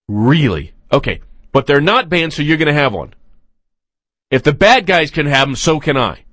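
Sarcastic, animated talk radio host. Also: male voice, a little high, moderate pace, no room sound. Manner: mocking, sarcastic, indignant. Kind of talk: opinionated talk radio commentary.

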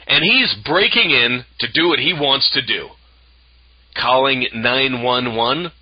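A man's voice: a little high, breathy edge, no echo. A man hosting a talk radio show, delivering an emphatic, argumentative monologue in a lecturing tone. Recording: dull lo-fi radio broadcast.

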